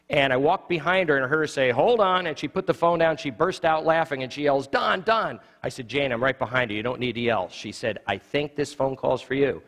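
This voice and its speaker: A man in his forties teaching an evangelism class in a church, a quick, jokey storyteller who acts out the dialogue in his stories. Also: mid-range voice, a bit bright. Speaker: lay evangelism trainer. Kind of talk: live teaching talk with humorous stories. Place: church sanctuary. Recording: long church reverb.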